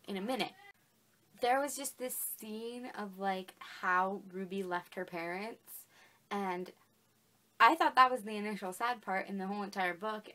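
A woman's voice: on the high side, a bit bright. A young woman talking casually and emotionally about books as a vlogger, gushing and filling her talk with "like" and "literally". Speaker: book vlogger. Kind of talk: casual chat.

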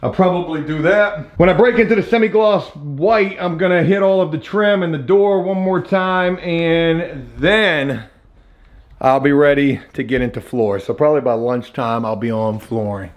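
A man's voice: a little high, normal speed, roomy sound, dull audio. A young man talking casually through his home renovation work, chatty and self-mocking, with the odd curse. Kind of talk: casual vlog narration while working.

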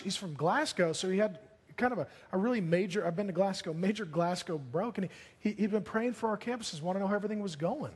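Animated pastor in a reverberant hall. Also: male voice, high-pitched, fast. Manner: animated, jokey storytelling with bursts of excitement. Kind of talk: sermon storytelling.

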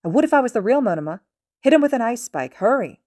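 A woman's voice: deep voice, fast talker, warm tone, no room sound, clean studio sound. A woman voicing an urgent, pushy teenage boy who keeps pressing his point. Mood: frantic.

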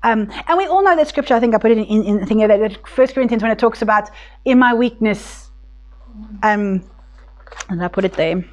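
A woman's voice: on the high side, fairly quick, dull audio. A woman teaching a Bible study group in a casual, conversational way, with many restarts, speaking tenderly when voicing God. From South Africa.

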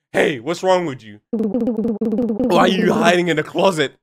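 A man's voice: high-pitched, animated, slow pace, breathy edge. A young man giving jokey commentary on a horror game, reading its dialogue aloud. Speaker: gaming commentator. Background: game music.

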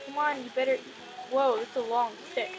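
A young woman with a high, bright voice talks through a game in a loose, rambling way. She giggles often and jokes at her own expense. Faint music plays softly under her voice throughout. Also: steady tone, normal speed, poor audio. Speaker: gaming channel host. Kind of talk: casual gameplay commentary. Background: music playing in the background.

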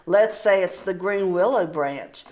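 A woman reading a storybook aloud and voicing two proud, vain older sisters who talk in high, showy voices. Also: a little slow, a little mellow, close to an everyday voice. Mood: flustered. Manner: haughty, boastful, high-pitched, then flustered stammering.

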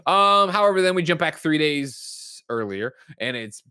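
A man's voice: fairly high pitch, expressive, normal speed, sharp tone, clear, resonant tone, no room sound, clean studio sound. A man hosting a podcast, recapping a movie's plot in a rambling, profane, casual way. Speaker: podcast host.

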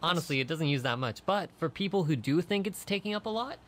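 A man's voice: on the high side, expressive, fairly bright tone. A young man co-hosting a radio talk show, casually presenting news items and moving the chat along. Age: young adult. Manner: brisk, moves the talk along to the next topic.

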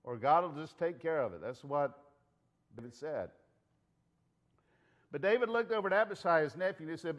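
A man with a Southern US accent preaching a sermon as pastor, telling the story with animated delivery, shouting out lines and dropping to hushed asides. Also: a little high, normal speed, pauses often.

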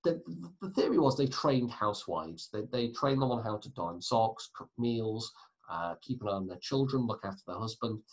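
A man teaching a recorded history lesson in a chatty way, full of asides and quick self-corrections. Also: medium pitch, a little mellow, rough recording.

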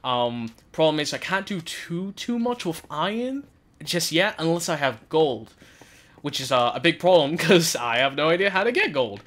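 A man narrating his own gameplay in a lively, swooping voice that leaps up high when he panics. He chatters to himself, mutters low while he plans, and breaks into laughing yells under pressure. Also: normal speed. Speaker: gaming YouTuber. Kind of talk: gameplay commentary.

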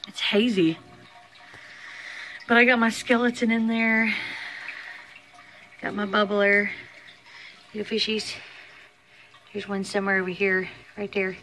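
A woman's voice: medium pitch, flat delivery, a little slow, long pauses, fairly bright tone. Chatty woman vlogging at home. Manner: chatty, talks to viewers as guys. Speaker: family vlogger. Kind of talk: casual home vlog. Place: home indoors. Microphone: handheld phone camera.

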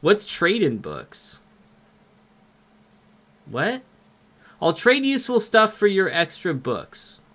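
A young man with a Minnesotan accent, commenting on a game live and reading its text aloud in an excitable, jokey way. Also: high-pitched, slow pace, pauses often. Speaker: streamer.

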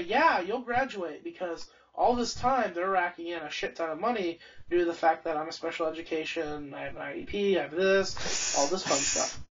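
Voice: mid-range voice, slightly rough. A young adult live streamer telling a long angry story in casual talk, swearing heavily and often restarting sentences. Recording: distant, dull lo-fi stream audio.

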